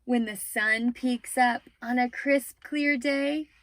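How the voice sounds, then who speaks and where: A woman reading a children's picture book aloud in a gentle, expressive way, close to the mic. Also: a little high, takes it slowly, no echo. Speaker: storyteller.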